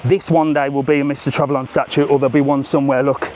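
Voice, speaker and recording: A man's voice: mid-range voice, flat delivery, fast, a little mellow, a little hiss or hum. A middle-aged man with a cheeky, chatty manner, hosting a live walking vlog on a seaside promenade. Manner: cheeky, chatty, jokes with strangers. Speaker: travel vlogger.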